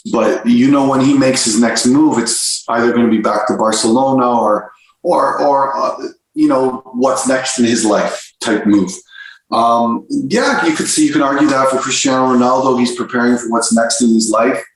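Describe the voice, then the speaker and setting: A man's voice: medium pitch, moderate pace. A man, a soccer coach, telling stories in a casual interview, full of restarts and repeated words. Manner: animated storyteller, many restarts and repeated words. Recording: very echoey room.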